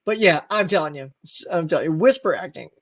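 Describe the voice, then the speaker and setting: Man host, live chat, rambling, gravelly, dry close mic. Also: on the high side, quick pace, no room sound. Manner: rambling, animated, laughs between thoughts. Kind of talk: casual live-stream chat.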